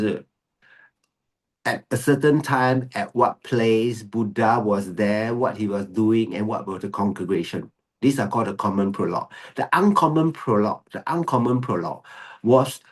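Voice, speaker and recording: Husky-voiced male monk teaching. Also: on the low side. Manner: mixes English with Mandarin phrases, laughs often; repeats key phrases for emphasis. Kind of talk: dharma teaching talk.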